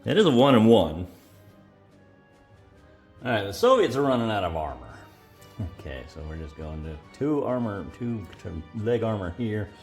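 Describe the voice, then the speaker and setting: Low-voiced man narrating a wargame. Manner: thinking aloud, counting up modifiers with many "uh"s. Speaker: host of a board wargame playthrough. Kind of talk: solo tabletop game commentary. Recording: echoey room, faint music.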